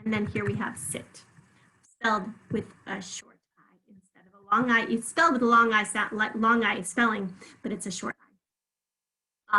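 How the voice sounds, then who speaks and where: A woman's voice: medium pitch, steady tone, normal speed, sharp tone, low-quality recording. A woman teaching a spelling lesson, patiently sounding words out syllable by syllable and encouraging the listener.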